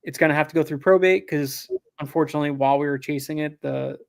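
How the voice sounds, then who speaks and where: A man's voice: on the high side, fast talker, vocal fry. A man in a casual interview, telling a business story with lots of fillers and acted-out quotes. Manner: animated, acts out quotes, frequent fillers and restarts. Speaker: land investor guest.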